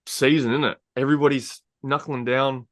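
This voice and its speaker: A man's voice: mid-range voice, flat delivery, normal speed, no echo, studio quality. A man co-hosting a casual podcast who gives brief, agreeable replies and laughs along. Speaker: podcast co-host.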